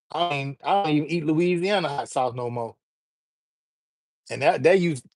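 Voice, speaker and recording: A middle-aged man runs a casual live stream, talking straight to his chat in a loose, joking manner full of slang. His voice sits a little higher than most men's, and the sound is close and dry. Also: a little mellow, no room sound. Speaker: livestream host.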